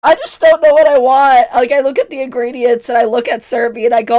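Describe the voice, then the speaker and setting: A woman's voice: sits high, fairly even intonation, a little fast, few pauses, a little mellow. A woman in her twenties streaming and chatting casually, giggly and self-mocking, her voice strained from illness. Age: 20s. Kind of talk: casual chat with chat.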